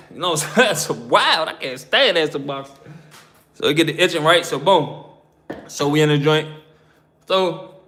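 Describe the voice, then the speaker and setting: A man's voice: fairly high pitch, fairly bright tone. A man with an American accent telling a prison story in casual slang, acting out the voices of the people he quotes. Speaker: prison story channel host.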